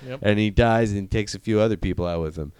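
Rambling, swearing young man, lowish voice. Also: fast talker, a little mellow, clean tone, no room sound, studio quality. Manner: rambling, profane, acts out characters. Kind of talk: casual chat retelling a movie.

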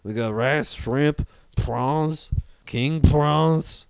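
A man's voice: fairly high pitch, very slow, creaky, a little mellow, smooth, no room sound, full character voice. A man putting on a hearty Creole cook. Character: boisterous male Creole cook.

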